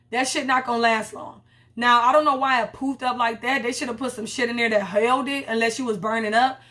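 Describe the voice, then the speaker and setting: Here a young woman with a fairly high-pitched, fairly bright voice gives her take on a reality TV episode. It's a casual commentary vlog, delivered in blunt, slangy, profane chat.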